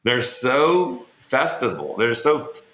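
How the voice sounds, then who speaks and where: A man's voice: mid-range voice, sing-song, slow, a bit bright, echoey room. A man being interviewed, telling rambling, joking stories in a casual way and swearing freely. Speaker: interview guest. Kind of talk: casual storytelling on an online interview.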